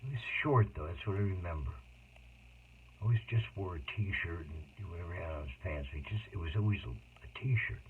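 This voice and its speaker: A man telling a personal story in a rambling, emotional monologue with sudden loud outbursts. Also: low-pitched, expressive, a little fast. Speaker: autobiographical storyteller. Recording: tinny phone-like noisy recording.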